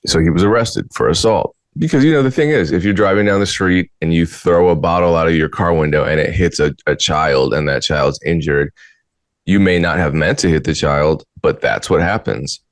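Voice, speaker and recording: A man's voice: low-pitched, moderate pace, dry recording. A man hosting a casual podcast, talking bluntly and with exasperation, sometimes mocking. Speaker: podcast host. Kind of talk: casual commentary.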